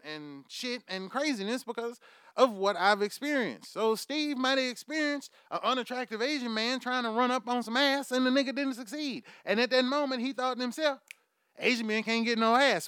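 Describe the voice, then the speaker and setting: Brief: high, smooth-voiced man, dry close mic, swearing and animated comic rant. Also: dry recording. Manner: animated, swearing freely, laughing at his own jokes. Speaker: podcast host. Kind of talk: profane comedic monologue.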